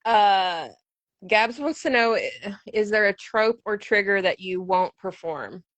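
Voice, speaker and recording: A woman's voice: mid-range voice, animated, a little slow, a bit bright, dry recording. A woman in her thirties hosting a podcast, chatty and playful, with many "like" fillers. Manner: chatty, says "like" a lot, playful. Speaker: podcast host. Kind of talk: casual podcast chat.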